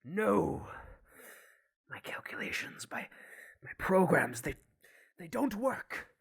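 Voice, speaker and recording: A man's voice: high-pitched, very animated, slow pace, vocal fry, fairly bright tone, breathy edge, pitched above the performer's own voice, heavily acted. A man voicing an obsessive, frustrated male scientist who talks in a pompous, grandiose way.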